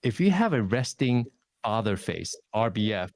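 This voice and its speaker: A man's voice: normal speed, dry recording, studio quality. A man giving a webinar talk on public speaking, with an emphatic coaching manner. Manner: coaching, emphatic, lively shifts in pitch. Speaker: guest presenter on public speaking. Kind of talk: webinar presentation.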